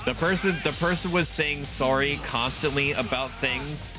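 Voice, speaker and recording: A man's voice: on the high side, normal speed. A young adult man streaming a game, chatting casually in a rambling, self-deprecating way with chuckling asides. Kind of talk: casual gaming stream commentary. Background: game music.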